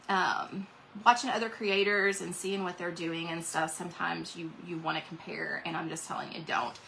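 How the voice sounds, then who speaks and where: A woman's voice: fairly low pitch, creaky, sharp tone, a little hiss or hum, rough recording. Chatty woman hosting a craft livestream. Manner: rambling, chatty, reads out viewer comments. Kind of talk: casual livestream chat while painting.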